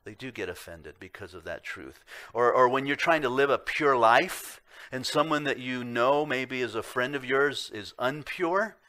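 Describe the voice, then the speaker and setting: Bright-voiced preaching man. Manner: earnest, emphatic preaching with rhetorical questions; shifts between loud emphasis and low quiet asides. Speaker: pastor. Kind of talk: sermon. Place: church sanctuary.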